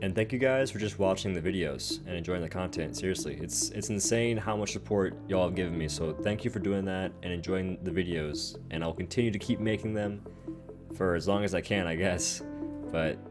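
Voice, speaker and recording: A man's voice: deep voice, a little fast, music in the background. A man who hosts a gaming channel, casually explaining his game builds step by step in a voice-over.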